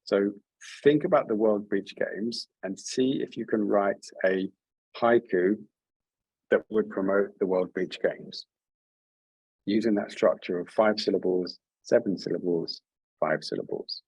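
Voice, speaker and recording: Husky-voiced man leading an online workshop. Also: on the low side, unhurried, a little mellow, no room sound, low-quality recording. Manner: friendly, encouraging, hesitant restarts. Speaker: workshop leader.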